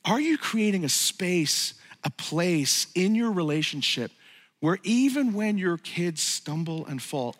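A middle-aged man preaching a sermon as pastor, emphatic and building to raised peaks. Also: on the high side. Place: church sanctuary. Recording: long hall reverb.

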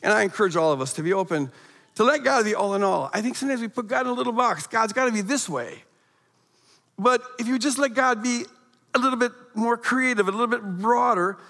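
A middle-aged man preaching as a guest speaker in a church. His voice sits high and has a gravelly edge. He talks animatedly, with emphatic rises and a lot of stammered restarts, and a long hall echo trails behind him. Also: sharp tone. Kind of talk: sermon storytelling. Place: church sanctuary.

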